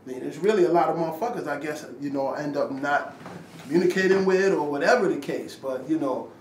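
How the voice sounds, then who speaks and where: A man with a fairly high voice talks fast, telling a slangy story as a rapper after an interview, with acted-out quotes and swearing. He's filmed on a handheld camera in a room, and the audio comes across echoey, distant and lightly noisy.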